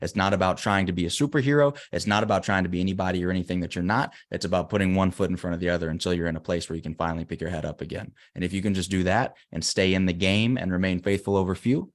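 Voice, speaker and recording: A man's voice: sits low, very fast, hardly any pauses. A man as an interview guest telling a story and giving emphatic motivational advice. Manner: earnest, emphatic.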